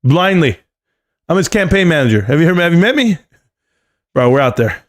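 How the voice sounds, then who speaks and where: Animated joking man streaming live. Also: a little high, moderate pace. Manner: joking, rambling, says "bro" constantly; standing at a desk while talking. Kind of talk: casual live stream chat.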